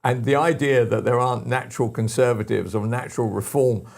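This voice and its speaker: An older man hosting a talk radio show, telling rambling stories with lots of restarts and animated asides. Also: medium pitch, brisk, creaky. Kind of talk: casual talk radio chat.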